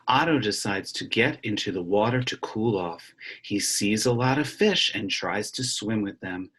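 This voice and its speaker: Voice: medium pitch, a bit bright, slightly rough. An elementary music teacher reading a picture book aloud in an online lesson and chanting a clapped rhythm.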